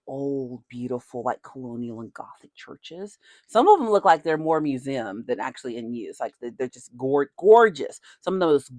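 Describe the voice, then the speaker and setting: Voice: mid-range voice, darkish tone, no echo, clean studio sound. A channel host from the southern United States with a Southern American accent, rambling in a chatty way with folksy asides. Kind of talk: casual talking-head chat.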